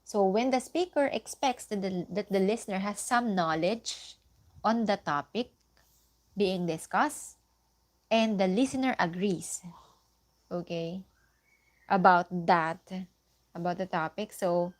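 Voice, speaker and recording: Slow, patient woman teaching Japanese. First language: Tagalog. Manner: slow, patient explaining with frequent "okay" and "so"; lifts her pitch sharply for example sentences. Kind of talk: online language lesson.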